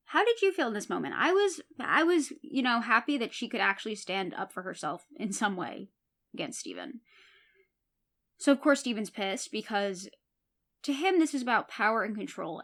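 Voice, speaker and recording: A woman with a slightly high voice, talking through a TV episode recap in a casual, chatty way. She gets animated as she retells the scenes. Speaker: podcast host.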